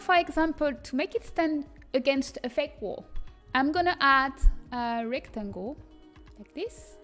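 A young woman with a French accent giving a casual livestream tutorial, chatting, reading viewer comments and laughing often. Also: high-pitched. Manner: chatty, laughs often, reads chat aloud. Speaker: streamer teaching custom content.

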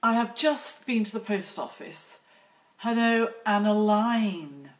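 A woman's voice: mid-range voice, expressive, takes it slowly. A middle-aged woman hosting a casual live stream outdoors on her phone, chatty and teasing as she greets viewers by name. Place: outdoors near lambs.

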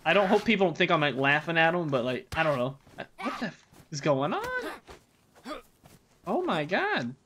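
A man's voice: fairly high pitch, expressive, quick pace, background noise. A man from the United States, a game streamer chatting casually with his live chat while he plays, joking and rambling.

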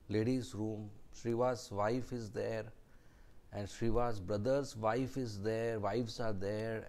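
Slow, emphatic man telling a scripture story. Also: mid-range voice. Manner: slow, emphatic storytelling with dramatic drops to a hush. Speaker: speaker giving a scripture class.

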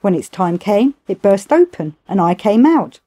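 A woman's voice: medium pitch, sing-song, moderate pace, warm tone. A woman voicing an eager, cheeky male monkey who begs humbly to study. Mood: earnest.

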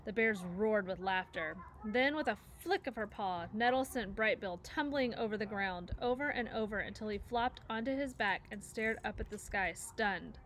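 A woman's voice: medium pitch, moderate pace, hardly any pauses. A woman reading a children's story aloud, narrating expressively and acting out each character. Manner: expressive, acts out voices. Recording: faint background noise.

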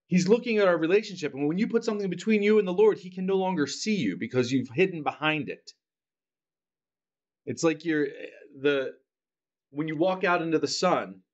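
A man's voice: a little high, highs cut off. A man preaching a sermon in a church, talking conversationally and often checking in with the congregation. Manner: acts out children's grudging apologies.

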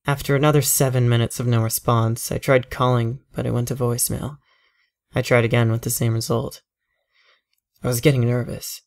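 A man narrating a first-person horror story in a measured, tense storytelling voice. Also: medium pitch, little pitch movement, vocal fry.

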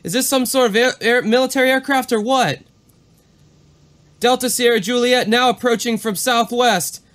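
A man's voice: sits high, moderate pace, a bit bright, voice pushed up. Man doing an alarmed young pilot on the radio. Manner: urgent, rising, reading from a transcript. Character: anxious young male pilot radioing control.

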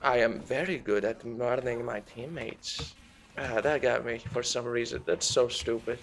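A man's voice: medium pitch, steady tone, moderate pace, slight background noise, lightly acted. A man doing a celebrity impression while commentating a game, meandering and self-mocking and easily sidetracked. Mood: rambling. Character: slow, gravelly, rambling celebrity-impression man.

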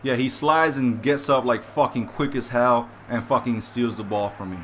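A man's voice: mid-range voice, steady tone, normal speed, fairly bright tone, slight background noise. A young man playing a football video game, ranting and swearing in frustration. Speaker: gamer. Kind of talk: live gameplay commentary.

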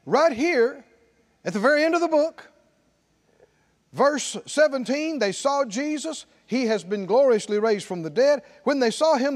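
A middle-aged man preaching a sermon as pastor in a church, emphatic and calling out to the congregation. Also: very high voice. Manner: emphatic, call-and-response preaching.

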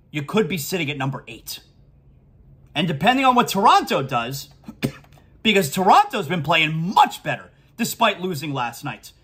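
Man, sports talk host, bright high voice, lively emphatic delivery, slightly husky. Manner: animated, emphatic, repeats key phrases. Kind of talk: sports talk podcast rant.

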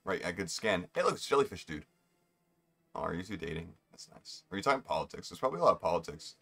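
A man's voice: low voice, lively intonation, fast, creaky, a bit bright. A young man giving rambling, joking commentary while streaming a video game. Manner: rambling, joking asides to himself. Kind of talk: casual gameplay commentary.

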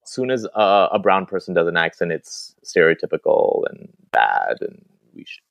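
A man's voice: low voice, sing-song, normal speed, gravelly, a bit bright, dry recording. A male actor talking casually as an interview guest, chatty and full of restarts and fillers.

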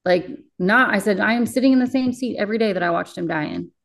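A woman's voice: mid-range voice, fast, gravelly. A young woman paramedic recounting her experiences in an interview, bluntly and emotionally, with frequent swearing. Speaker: paramedic guest. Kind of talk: candid interview storytelling.

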